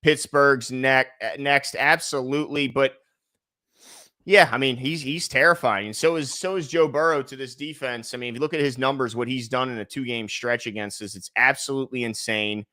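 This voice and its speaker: Man, mid-pitched, bright, emphatic, casual sports talk with stats. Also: steady tone, normal speed, no echo, clean studio sound. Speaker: sports podcast host.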